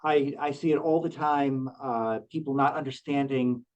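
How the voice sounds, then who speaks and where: A man hosting a podcast, asking questions in a relaxed, affirming way with small fillers. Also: mid-range voice, moderate pace, far from the mic, dull audio. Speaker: podcast host. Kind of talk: interview questions. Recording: voice set back from the mic.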